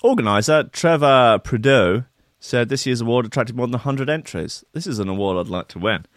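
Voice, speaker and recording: A man's voice: mid-range voice, expressive, brisk, dry recording, clean studio sound. A man on a live stream, chatting casually and reading news aloud in a sweary, jokey, rambling way.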